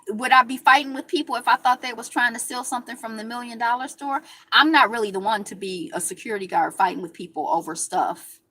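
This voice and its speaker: A woman's voice: fairly low pitch, a bit bright. Chatty woman commenting on headlines. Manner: chatty, sarcastic asides, reads headlines. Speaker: show host. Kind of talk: casual news commentary.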